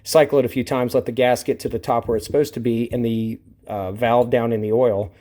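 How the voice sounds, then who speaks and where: A man explains car shocks and struts in a relaxed, explanatory way, his voice sitting in an ordinary middle pitch. He drops in fillers as he goes. The sound comes from a camera mic in a garage workshop, and at times he moves away from it. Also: brisk. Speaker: car hobbyist demonstrating suspension parts. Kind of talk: casual how-to commentary.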